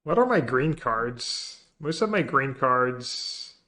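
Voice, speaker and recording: Male streamer, mid pitch, mutters his plays aloud and cracks jokes with chat. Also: sing-song, slow. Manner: muttering, trailing off quietly; joking banter with chat. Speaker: streamer playing a card game. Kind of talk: thinking aloud while playing.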